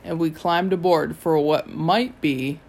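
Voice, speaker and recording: A reader giving a steady, first-person audiobook narration. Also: mid-range voice, measured pace, gravelly, slight background noise.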